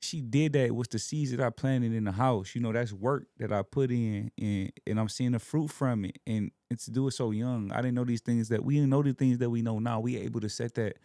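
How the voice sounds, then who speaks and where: A man's voice: mid-range voice, a little fast, hardly any pauses, warm tone, no room sound, studio quality. A young man from Alabama, talking as a podcast guest in an earnest, emotional way about his faith and family. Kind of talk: casual heartfelt conversation.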